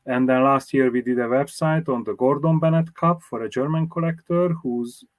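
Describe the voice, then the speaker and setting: Man, historian being interviewed, English speaker, measured explanatory manner, mid pitch, dry close sound. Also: no echo. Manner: measured, explanatory, with fillers and restarts. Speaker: motoring historian and magazine publisher. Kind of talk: interview answers.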